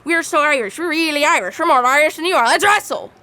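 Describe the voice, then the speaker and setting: A woman's voice: sits high, quick pace. A woman performing a theatrical monologue as a rowdy young adult, telling crude bar stories. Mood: brash. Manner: animated, brash storytelling with crude asides. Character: rowdy young adult bragging about wild bar nights.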